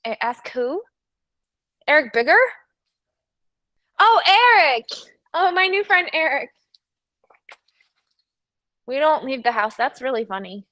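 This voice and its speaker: A woman with a high, bright voice hosts a casual live stream from a studio. She chats with viewers and crew in a teasing, chatty way and laughs often. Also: very animated, slow, long pauses. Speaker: livestream host.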